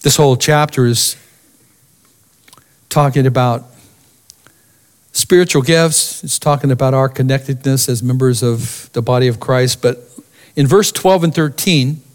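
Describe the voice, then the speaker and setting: A man preaching a sermon as pastor, expressive, dropping to a near-whisper for emphasis. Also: medium pitch, unhurried, long pauses.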